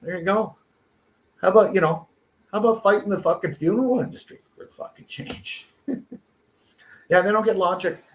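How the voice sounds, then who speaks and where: A man's voice: high voice, moderate pace, long pauses. A Canadian man ranting in a casual podcast chat, swearing constantly. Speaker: podcast co-host. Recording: echoey room.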